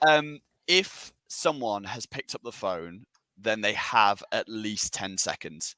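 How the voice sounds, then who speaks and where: Casting: man, sales director type, lowish forceful voice, dry close mic, casual eager webinar chat. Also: expressive, slow pace, no echo. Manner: enthusiastic, filler-heavy, many restarts.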